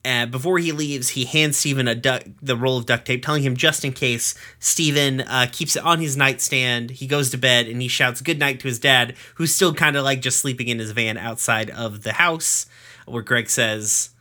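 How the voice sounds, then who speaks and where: A man's voice: mid-range voice, fairly even intonation, bright, forceful tone. A man hosting a podcast, casually recapping a cartoon episode with swearing and jokes. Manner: swearing, jokey recap with quick acted quotes. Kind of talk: casual chat.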